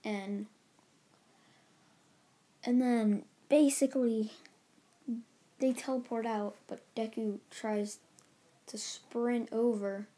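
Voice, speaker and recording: Flat, mellow-voiced woman retelling a story. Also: on the high side, slow pace, pauses often. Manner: rambling, loose retelling with many restarts and "like"s. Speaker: channel host. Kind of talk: casual storytelling recap.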